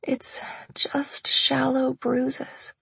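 A woman voicing an injured young wife who speaks in a hoarse, breathy whisper, close to tears. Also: high voice, monotone, extremely slow, sharp tone, dry recording, pitched above the performer's own voice, heavily acted. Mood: weak whisper. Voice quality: breathy, croaking. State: hoarse, whispering through pain.

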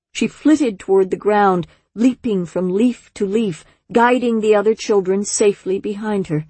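Woman audiobook narrator, low breathy voice, calm measured storytelling, dry studio sound. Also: no room sound. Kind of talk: scripted narration.

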